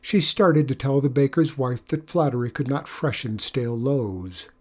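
Husky-voiced storybook narrator. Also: medium pitch, normal speed, darkish tone.

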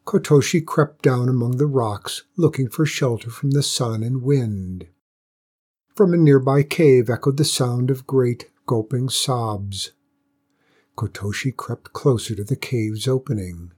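Male storyteller, dark husky voice, measured folktale read. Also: mid-range voice. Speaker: narrator. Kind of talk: storybook reading.

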